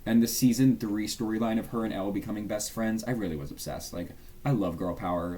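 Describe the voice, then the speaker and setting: A man's voice: fairly low pitch, quick pace, warm tone. A young man chatting casually as a YouTuber, gushing and rambling about his favourites. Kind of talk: casual fan tier-list chat.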